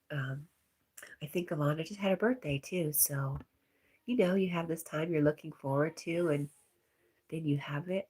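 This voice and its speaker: Reading out viewer comments, a woman hosts a livestream in a casual, soft, often half-whispered way. Her voice sits low and husky, and she has a stuffy nose.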